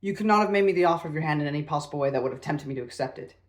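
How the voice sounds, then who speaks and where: A man's voice: a little high, very fast, natural voice. A man reading the lines of a spirited, teasing young woman aloud, with light emphasis.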